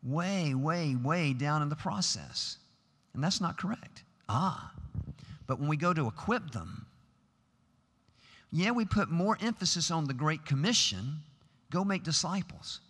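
A man's voice: fairly high pitch, very animated, measured pace, fairly bright tone, a little hiss or hum. A middle-aged man preaching a sermon in a large chapel, earnest and emphatic, building to rhetorical questions. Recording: long hall reverb.

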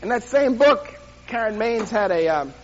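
An older man preaching a sermon, telling a personal story with self-deprecating humor and animated delivery. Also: high-pitched, moderate pace, highs cut off, slight background noise. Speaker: pastor.

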